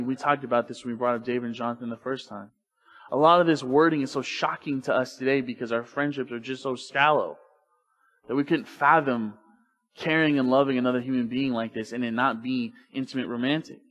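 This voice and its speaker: A man's voice: medium pitch, steady tone, fairly quick, a bit bright. A man preaching a sermon in church, talking to the congregation casually and asking rhetorical questions. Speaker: pastor. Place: church sanctuary.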